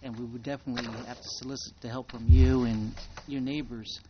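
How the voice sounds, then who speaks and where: A man, a town official, speaking at a council meeting in a measured, hesitant way with frequent ums. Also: medium pitch, flat delivery, muffled recording, background noise. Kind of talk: formal meeting talk.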